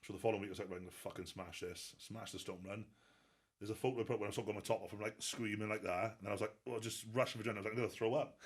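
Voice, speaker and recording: A man's voice: fairly low pitch, fairly even intonation, racing, husky. A Welsh man telling stories in a casual interview, laughing and swearing freely. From Wales. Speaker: guest strongman athlete.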